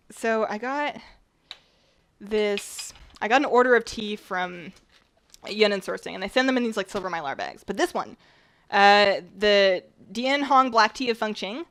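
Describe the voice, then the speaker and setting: A woman chatting casually while she bakes on a stream, rambling a bit, her voice slightly rough at the tail end of a cold. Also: mid-range voice, fairly bright tone. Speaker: baking streamer. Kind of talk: casual chat while baking.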